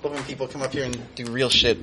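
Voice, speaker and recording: A man's voice: medium pitch, little pitch movement, fast. A man hosting a live storytelling show, loose and chatty, laughing between his remarks. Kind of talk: casual stage hosting. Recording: noisy live room with audience.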